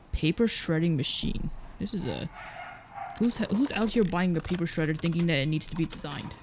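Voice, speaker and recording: A let's play streamer giving casual, rambling commentary while playing a painting game. They talk in a low-energy, mumbling way and fill their talk with "like". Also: lively intonation, normal speed, a little mellow, a little hiss or hum.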